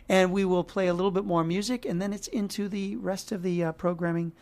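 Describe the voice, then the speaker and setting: A man's voice: high-pitched, steady tone, a little fast, darkish tone. A middle-aged man co-hosting a radio show in a studio, bantering in an easygoing, friendly way. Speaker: radio host. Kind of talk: casual on-air chat.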